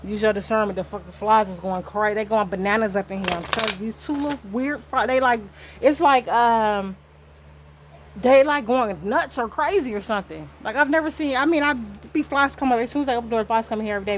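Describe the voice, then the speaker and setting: A woman's voice: on the high side, a little fast, a little hiss or hum. Rambling woman giving a casual spiritual reading. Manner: rambling, talkative, swears casually. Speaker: spiritual card reader. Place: indoor room.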